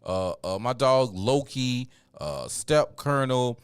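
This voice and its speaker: A man hosting a livestream, sounding tired and talking casually, with many fillers and shout-outs. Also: medium pitch, takes it slowly, smooth, no echo. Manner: preachy build-up then laid-back rambling. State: tired, yawning. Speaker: livestream host.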